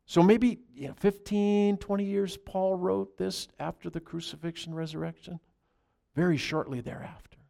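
A man preaching a conversational sermon, moving between loud, emphatic scripture reading and quiet asides to his congregation. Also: sits high, steady tone, moderate pace, gravelly. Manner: chats with the congregation. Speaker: pastor.

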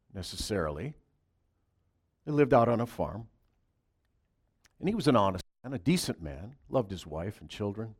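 Soft-spoken man telling a story. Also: lowish voice. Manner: soft, halting, drops to a hush. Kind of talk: Christmas Eve storytelling.

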